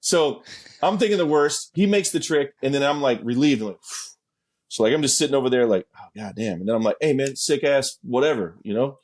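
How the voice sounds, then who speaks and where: A man's voice: mid-range voice, animated, brisk, darkish tone. Laid-back, profane middle-aged man. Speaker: interview guest. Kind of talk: casual storytelling.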